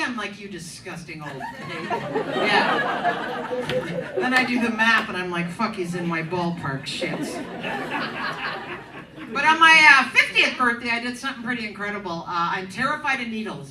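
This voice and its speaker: Casting: brash, foul-mouthed stand-up woman in her fifties, lively swooping voice, roomy club with loud laughing crowd. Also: a little high, far from the mic, background noise. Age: 50s. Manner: brash, profane, crowd work. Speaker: stand-up comedian. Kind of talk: live stand-up set. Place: comedy club stage with live audience.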